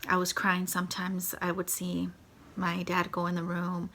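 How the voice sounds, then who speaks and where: A young woman with a gravelly, creaky edge sits and recounts her own story in a casual vlog, sometimes sinking into a soft whisper. Steady background noise runs under the whole recording. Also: lowish voice, moderate pace. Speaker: vlogger. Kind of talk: personal storytime.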